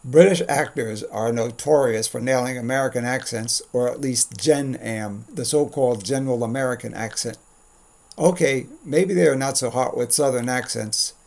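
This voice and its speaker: A man's voice: mid-range voice, normal speed, gravelly, a little mellow. A man hosting a scripted commentary monologue, delivered in a dry, wry, opinionated way. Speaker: commentary host.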